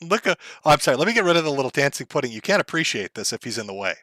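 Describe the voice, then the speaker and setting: A man's voice: medium pitch, big pitch swings, very fast, pushed and bright, no room sound. A man giving profane, sarcastic commentary over a clip he is streaming, laughing often. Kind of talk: casual mocking commentary.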